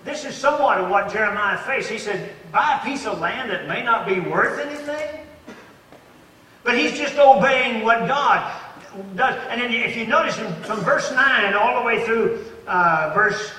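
A man's voice: sits high, sharp tone. A man in his eighties preaching a sermon as a pastor, stressing points with rising emphasis and frequent restarts. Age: 80s. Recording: echoey hall, voice from far off.

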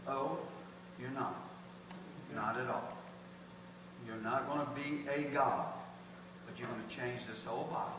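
A man's voice: mid-range voice, animated, unhurried, long pauses. A man, preaching a folksy sermon as pastor with emphatic bursts. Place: church sanctuary. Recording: echoey hall from far off, noisy.

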